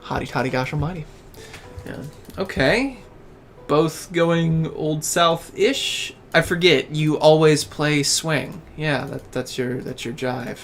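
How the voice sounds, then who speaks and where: With faint music in the background, a slightly high-voiced man hosts a laid-back live gameplay stream. He has a Southern accent from Tennessee and rambles on, chatting and cracking jokes with his co-players.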